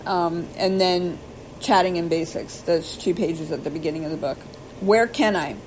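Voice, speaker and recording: A woman vlogging casually, rambling and self-deprecating, who slowly sounds out and spells foreign phrases letter by letter. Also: lowish voice, a little mellow, a little hiss or hum, rough recording. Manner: slow careful pronunciation attempts. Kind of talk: casual self-taught language practice.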